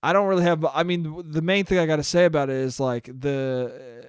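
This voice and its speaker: Male podcast host, profane solo comedy rant, clear slightly high voice, close dry mic. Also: fairly even intonation, fairly quick, no echo. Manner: profane, ranting, laughs at own jokes.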